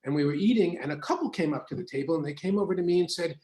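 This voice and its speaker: A man's voice: a little high, rapid-fire, few pauses. Man as guest spouse, easygoing storyteller; roomy studio sound. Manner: relaxed anecdotes with laughs and fillers, raising his voice for quoted women. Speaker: guest, the host's husband. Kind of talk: casual conversation on a live broadcast. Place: writing studio. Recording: echoey room.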